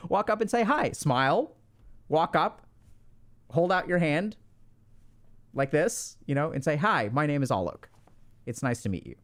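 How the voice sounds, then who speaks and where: A young man giving advice on a podcast, chatty and loose, full of filler words. His voice sits fairly high for a man and swings widely in pitch as he acts out quoted lines. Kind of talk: casual advice talk.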